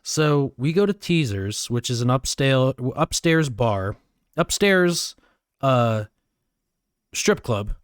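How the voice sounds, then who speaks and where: A man co-hosting a podcast. He recounts a night out in a relaxed, casual way, swears freely and jumps higher when he acts out quotes. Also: slow, clear, resonant tone, no room sound, clean studio sound. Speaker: podcast co-host. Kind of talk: casual storytelling chat.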